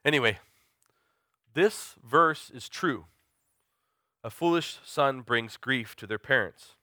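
A man preaches an earnest, confessional sermon, mixing personal testimony with questions he puts to the congregation. His mid-range voice is slow, bright and forceful, and the recording is dry and studio quality.

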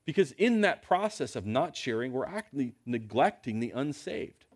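A man's voice: medium pitch, very animated, normal speed, a little mellow. A man preaching a sermon in a church, talking to his congregation in a conversational way with lots of rhetorical questions.

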